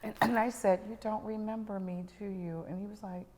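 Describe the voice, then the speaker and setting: A middle-aged woman telling a personal story as a podcast guest, animated and dropping to whispers at tense moments. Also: medium pitch, brisk, big-room sound.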